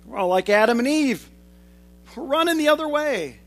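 High-voiced man preaching a sermon. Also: lively intonation, moderate pace. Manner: swings from loud emphatic lines to hushed low ones.

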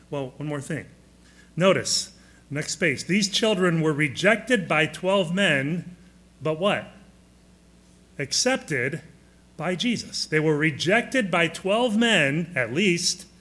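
A middle-aged man preaches to his congregation in a voice a little above the usual male pitch. He peppers them with questions and slows right down on the words he wants to land. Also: a bit bright. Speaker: pastor. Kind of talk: sermon.

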